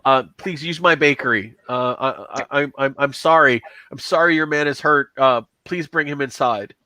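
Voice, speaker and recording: A man's voice: medium pitch, normal speed, bright, forceful tone, no echo, natural voice. A man voicing a nervous male village baker who stammers and pleads. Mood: pleading.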